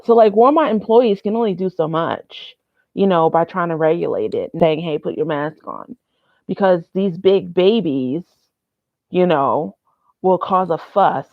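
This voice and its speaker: A woman's voice: lowish voice, lively intonation, unhurried, dry recording, phone-quality sound. A young woman vlogging casually, rambling and candid, swearing freely. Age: young adult. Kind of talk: casual vlog monologue.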